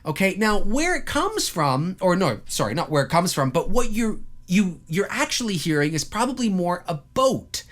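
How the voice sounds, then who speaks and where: A man in a vlogger's rant, talking straight to his viewers. His pitch leaps around as he gets worked up, and he fills gaps with ums and you-knows. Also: normal speed, hardly any pauses. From Toronto, Canada. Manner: animated, addresses viewers as folks, many fillers. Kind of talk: ranting monologue to camera.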